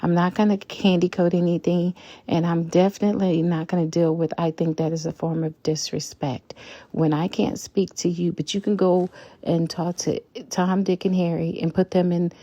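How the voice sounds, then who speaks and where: A woman in her fifties talks straight to camera about her relationship, outspoken and unwilling to sugarcoat. Her voice sits a little low and mellow. The sound is close and dry, with no room around it. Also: flat delivery, normal speed, no echo, lo-fi sound. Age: 50s. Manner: outspoken, blunt and emphatic. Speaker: vlogger. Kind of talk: candid relationship vlog.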